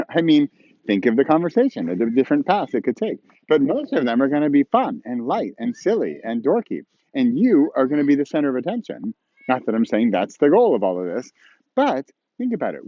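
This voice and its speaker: An animated man teaches a writing lesson outdoors, playfully acting out voices and questions with a lively, swooping pitch. The sound is dry and a little dull, as if from a small camera mic. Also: dry recording. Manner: playful, acts out tones and imagined dialogue. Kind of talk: casual outdoor video lesson. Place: outdoors on a snowy slope with skiers passing.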